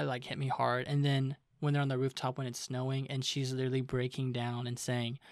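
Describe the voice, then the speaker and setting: A man's voice: medium pitch, dry recording. Young male co-host, casual and chatty, mid-range voice, dry close mic. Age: young adult. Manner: chatty, lots of fillers, retells scenes. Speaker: podcast co-host. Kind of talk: casual chat.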